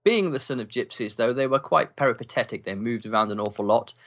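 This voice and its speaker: An English man, a writer and podcast guest, telling wry stories from his youth in a relaxed interview, with lots of ums. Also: mid-range voice, fast. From England. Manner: animated, wry storyteller with many ums and laughs. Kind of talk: casual storytelling interview.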